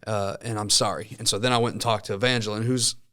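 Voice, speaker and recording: Smooth-voiced man in his thirties. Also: lowish voice, quick pace. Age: 30s. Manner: animated storytelling with many restarts. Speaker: co-host. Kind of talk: casual chat.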